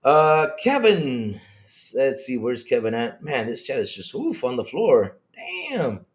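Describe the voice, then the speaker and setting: A man hosting a casual gaming livestream, rambling in an animated way, reading chat and swearing when he gets worked up. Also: mid-range voice, slow pace. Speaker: podcast host reading live chat.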